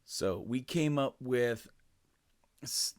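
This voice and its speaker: A man's voice: medium pitch, drawn-out words, darkish tone, no echo, studio quality. A man co-hosting a casual podcast, telling a rambling story with frequent laughs and restarts. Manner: rambling, laughs often, lots of fillers and restarts. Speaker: podcast co-host.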